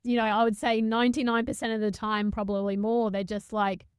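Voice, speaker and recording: Woman host, smooth resonant voice, reflective spiritual chat, stops and restarts often. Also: a little high, flat delivery, no echo, clean studio sound. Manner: halting, searching for words, lots of restarts. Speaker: podcast host. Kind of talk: reflective conversational podcast talk.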